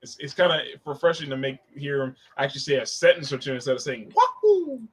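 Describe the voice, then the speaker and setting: A man's voice: mid-range voice, quick pace, breathy edge. A man co-hosting a podcast, joining a casual movie review and telling stories with animation. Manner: animated storyteller, laughs. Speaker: podcast co-host.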